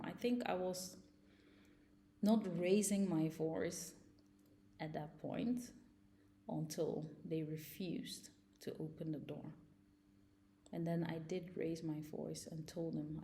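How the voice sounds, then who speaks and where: A woman's voice: fairly low pitch, mellow, slight background noise. A young woman vlogger telling a personal story in a casual, agitated and emotional way.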